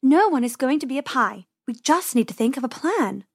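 A brave, bossy little girl rabbit, voiced by a woman reading aloud. Her voice sits high, as in a storybook reading. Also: lively intonation, a little fast, breathy edge, no echo, studio quality, heavily acted.

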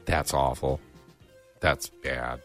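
A man's voice: extremely low pitch, fairly even intonation, slow pace, fairly bright tone, faint music behind. Wisecracking man radio co-host. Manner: wisecracking, self-deprecating. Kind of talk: casual chat.

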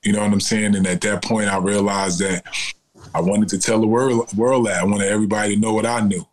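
This is a man in his forties with a lowish voice, speaking as an interview guest. He talks in a loose, conversational way and keeps turning to the listener with quick asides. His tone is easygoing rather than polished. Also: rough recording. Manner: relaxed, conversational, repeats "you know what I'm saying". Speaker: guest, cannabis company founder. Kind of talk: casual interview storytelling.

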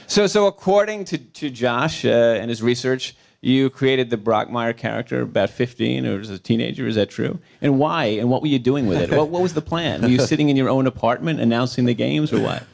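Male interviewer, onstage conversation, wry questions, mid-pitched voice. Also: fairly quick, creaky, darkish tone.

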